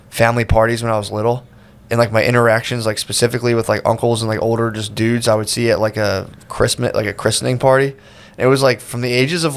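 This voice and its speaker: A man's voice: mid-range voice, gravelly. A man co-hosting a comedy podcast, telling stories in a rambling casual way and acting out the people he quotes. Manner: rambling, lots of fillers, acts out quoted uncles. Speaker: podcast co-host.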